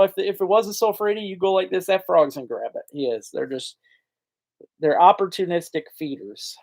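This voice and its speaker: A man's voice: high voice, a little mellow. A man hosting a live fishing chat, talking in a folksy, rambling way and answering viewers' comments. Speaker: fishing channel host. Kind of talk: casual live-stream chat.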